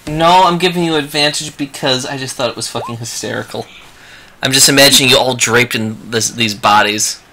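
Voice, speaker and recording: A man's voice: mid-range voice, a little fast, a crowd in the background. A man acting as dungeon master in a tabletop game, joking and laughing often.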